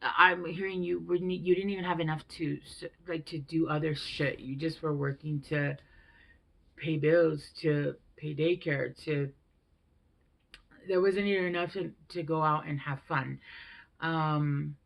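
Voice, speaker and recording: Young woman, tarot reader, slightly low voice, loose and chatty, curses freely. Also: steady tone, unhurried, vocal fry. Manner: rambling and chatty, swears freely. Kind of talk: casual tarot reading.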